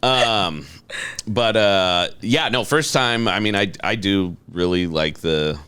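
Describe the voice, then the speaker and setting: A man's voice: deep voice, takes it slowly, pushed and bright, smooth, no room sound. A man in his thirties, a comedian guest on a studio podcast, chatting casually in a laid-back, joking way with lots of fillers. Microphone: studio mic.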